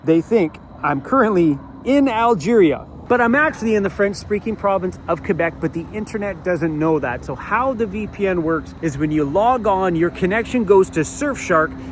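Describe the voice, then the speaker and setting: Chatty man, high voice, road noise. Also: animated, moderate pace, few pauses. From Canada. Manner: chatty and jokey, laughs often. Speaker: travel vlogger. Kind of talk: casual travel vlog chat. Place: inside a vehicle on the road. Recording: loud road noise in a moving vehicle.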